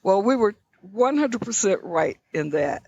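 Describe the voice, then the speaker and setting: An older woman from the American South, guest on an interview, telling personal stories in a reflective, measured way with frequent restarts. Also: medium pitch, animated, vocal fry, a little mellow, husky, lo-fi sound. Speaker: guest, leadership scholar. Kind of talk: conversational interview storytelling.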